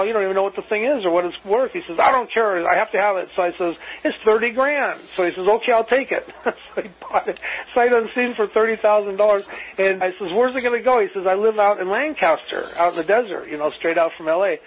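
A man's voice: sits high, husky. A man spinning a long, rambling anecdote as an interview guest, acting out both sides of the dialogue. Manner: rambling, acts out dialogue with "I says". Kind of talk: anecdotal storytelling. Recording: muffled lo-fi recording.

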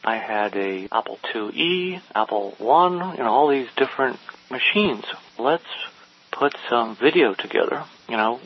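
A man casually telling a long anecdote, acting out the lines of the people in it. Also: medium pitch. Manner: animated, quotes people in dialogue. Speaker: storyteller guest. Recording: dull lo-fi sound with faint hiss.

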